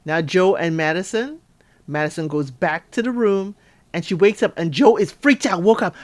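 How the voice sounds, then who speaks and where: A woman giving a casual recap of a reality show, chatty and animated, acting out quotes with asides to listeners. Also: fairly low pitch, moderate pace. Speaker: recap podcaster.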